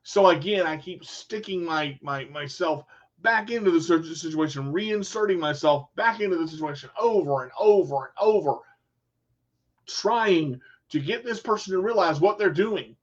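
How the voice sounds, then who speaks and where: A man telling a casual, animated story in folksy phrasing, acting out what people said. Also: a little high, moderate pace. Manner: animated storyteller, acts out quotes. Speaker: vlogger. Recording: dull lo-fi sound.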